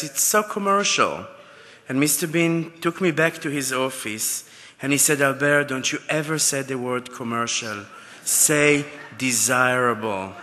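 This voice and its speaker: Accepting an award at a gala, a man shares heartfelt, anecdotal stories in a mid-range voice that sounds bright and forceful. The setting is a large ballroom, and his words carry a long hall reverb.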